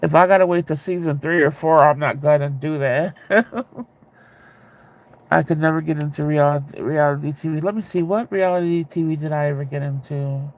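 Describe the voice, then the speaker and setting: A man chatting casually with viewers, rambling and candid, with a ready laugh and a gravelly voice. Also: fairly high pitch, steady tone, normal speed. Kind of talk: casual chat.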